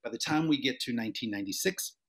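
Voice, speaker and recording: A man's voice: medium pitch, fast. Chatty middle-aged man telling stories. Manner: animated, chatty, many restarts and fillers. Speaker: dance instructor giving a presentation. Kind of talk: casual storytelling lecture. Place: home set-up for an online event.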